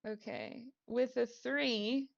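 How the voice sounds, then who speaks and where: A woman running a tabletop game as dungeon master, speaking in an unhurried, giggly way over a home mic. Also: fairly high pitch, fairly even intonation, gravelly, lo-fi sound.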